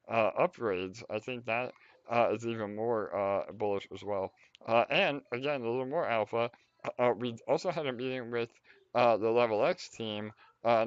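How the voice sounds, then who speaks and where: A man hosting a casual project update on a call, halting and full of fillers. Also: medium pitch, clear, resonant tone, no echo, dull audio.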